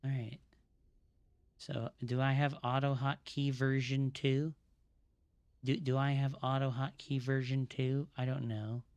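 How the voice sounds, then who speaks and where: A slow-talking male gaming streamer who swears freely as he troubleshoots out loud. He sounds exasperated and mutters under his breath. His voice is dry and close, with no room sound around it. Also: mid-range voice, little pitch movement, smooth, no room sound. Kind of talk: live-stream troubleshooting chatter.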